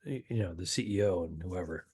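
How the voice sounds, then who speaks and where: A man's voice: low-pitched, fast talker, darkish tone, slightly rough. A man, a comedian co-hosting a podcast, talking in an easygoing way and trailing off with fillers. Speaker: comedian and co-host. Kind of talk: casual podcast chat.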